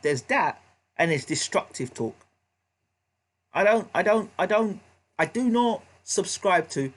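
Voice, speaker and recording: A man's voice: high-pitched, expressive, a little slow. A man hosting a live boxing reaction stream, emphatic and repetitive, often checking in with his audience. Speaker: vlog host.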